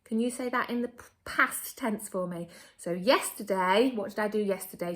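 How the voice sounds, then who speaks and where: An English woman teaching a remote phonics lesson to young children, upbeat and slow, stretching key words. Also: mid-range voice. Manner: upbeat, slow and exaggerated for children, my turn your turn. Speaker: primary school teacher.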